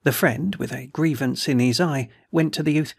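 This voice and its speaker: An audiobook narrator, a man with a raspy, slightly creaky voice pitched a bit high, reads a classic novel from a script. He goes at normal speed with a slightly mellow quality, and the recording is clean studio sound with no room sound.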